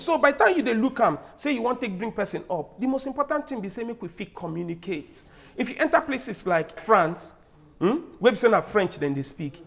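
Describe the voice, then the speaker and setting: A man with a Nigerian accent arguing in a lively TV debate, loud and emphatic, with laughing asides. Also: high voice. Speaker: debate guest. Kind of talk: animated debate in Nigerian Pidgin.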